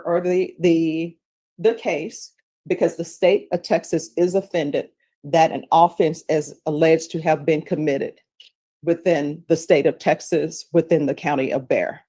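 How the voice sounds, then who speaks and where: A woman's voice: low voice, fairly even intonation, unhurried, mellow. A woman judge patiently explaining criminal procedure from the bench in a methodical way.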